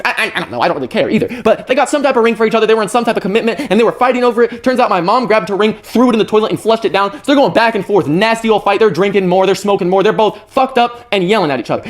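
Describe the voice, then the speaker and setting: Fast-talking young man telling a story. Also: high voice. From North Idaho. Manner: rapid, animated, profane storytelling. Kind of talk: casual storytime monologue.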